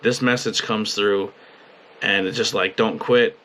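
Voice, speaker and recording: A young man talking in a personal video journal, halting and emotional, swearing freely as he rambles about his weekend. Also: lowish voice, fairly even intonation, sharp tone. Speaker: podcast host and wrestling commentator. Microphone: webcam at a desk.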